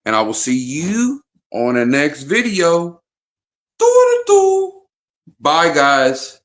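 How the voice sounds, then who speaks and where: Slow-talking rambling male vlogger. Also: on the high side, big pitch swings, fairly bright tone. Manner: rambling, hesitant, with frequent restarts. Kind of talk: casual chat to camera.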